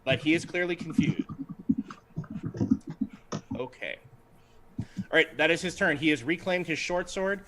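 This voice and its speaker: A man's voice: fairly high pitch, measured pace, pauses often, noisy background. A man acting as game master, narrating a tabletop game on a livestream in an easygoing, chatty way with frequent ums.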